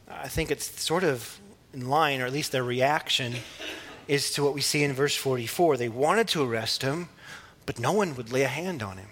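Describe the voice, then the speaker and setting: Man giving a relaxed Bible teaching. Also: fairly high pitch. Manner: relaxed and conversational, with small laughs and restarts.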